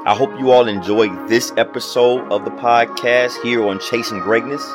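A man's voice: medium pitch, steady tone, normal speed, over music. A man hosting his own podcast as a personal trainer, giving an emphatic, repetitive motivational talk full of rhetorical questions.

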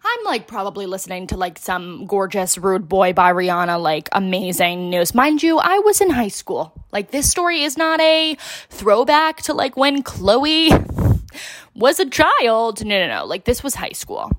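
A woman's voice: medium pitch, measured pace, no room sound, studio quality. A young woman from Connecticut telling a funny story in a casual, dramatic way, full of filler words and swearing. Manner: animated, dramatic, heavy use of filler words; swears freely.

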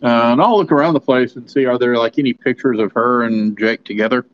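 A man's voice: medium pitch, fairly quick. Casual male player on dull audio. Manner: chatty, thinks aloud while describing actions. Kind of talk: casual tabletop role-play.

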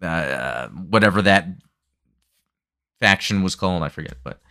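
Fast-talking man hosting a chat show. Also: low-pitched, expressive, bright, forceful tone, no echo, clean studio sound. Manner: fast, rambling, many fillers. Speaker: podcast host. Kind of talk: casual chat.

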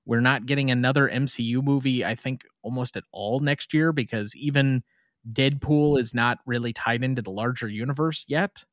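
A man's voice: mid-range voice, normal speed, no echo, clean studio sound. A man co-hosting a casual movie podcast, laid-back with short wry remarks. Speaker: podcast co-host.

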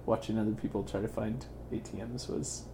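A man's voice: fairly low pitch, little pitch movement, brisk, gravelly, dark tone, a little hiss or hum. A man student talking easily about his travels, with light laughs. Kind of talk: casual interview advice.

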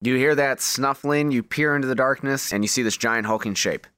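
A man narrating as game master of a tabletop game, in a relaxed and playful way. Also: medium pitch, a little fast, clean tone, no room sound, clean studio sound. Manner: relaxed, playful, hammy creature sounds.

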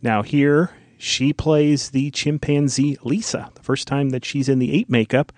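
A man's voice: mid-range voice, unhurried, darkish tone, no room sound. A man co-hosting a podcast, explaining film trivia at length in casual conversation. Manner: informative, explains details at length. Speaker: podcast co-host.

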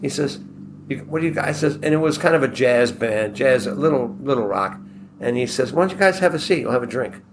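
A man from Buffalo telling a long personal anecdote in a relaxed, rambling way, acting out the quoted dialogue as he goes. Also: medium pitch, brisk, noisy background. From Buffalo, New York. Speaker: guest telling a personal story.

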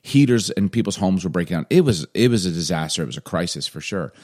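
A man's voice: sits low, expressive, fast talker, darkish tone. A man co-hosting a casual chat, telling stories loosely and leaning on filler words. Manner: loose, rambling storyteller, heavy on "like". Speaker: podcast co-host, father.

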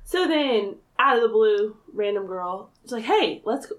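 A woman co-hosting a casual podcast, lively, asking questions and laughing easily. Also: medium pitch, unhurried. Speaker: podcast co-host. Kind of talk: casual chat.

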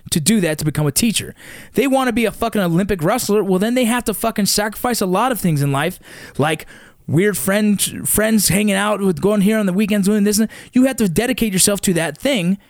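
In studio-quality audio with no echo, a high-voiced man in his thirties hailing from the San Fernando Valley, California, rants with blunt intensity to motivate; he's a father of young athletes who curses a lot and repeats things to drive them home.

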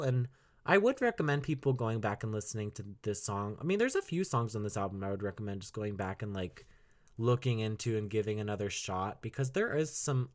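A young man talks through an album review on his own podcast, loose and rambling. He laughs easily and breaks into short sung snippets of lyrics. His voice sits at an ordinary middle pitch for a man. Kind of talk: casual solo podcast review.

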